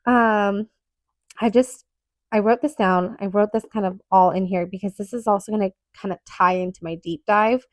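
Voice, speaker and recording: A woman's voice: mid-range voice, fairly even intonation, normal speed, no echo. A woman hosting her own podcast, talking earnestly and emphatically in a rambling solo monologue with lots of fillers. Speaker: podcast host.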